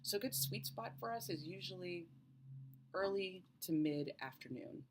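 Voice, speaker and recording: A woman's voice: fairly low pitch, lively intonation, normal speed, noisy background. A woman health coach in her thirties, explaining advice to camera and checking in with the viewer with a frequent "okay?".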